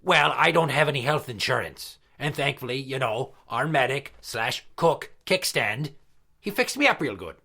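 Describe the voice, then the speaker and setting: A man's voice: medium pitch, animated, moderate pace, creaky, sharp tone, husky, heavily acted. A man voicing a crude, boastful male pirate party entertainer who tells profane stories in a comedy podcast skit. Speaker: regular character.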